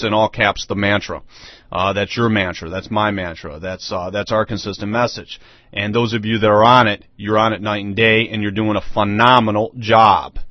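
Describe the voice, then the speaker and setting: A man's voice: on the low side, no echo. A man hosting an online radio show, delivering a rambling, emphatic monologue that repeats itself. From United States. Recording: dull lo-fi dry audio.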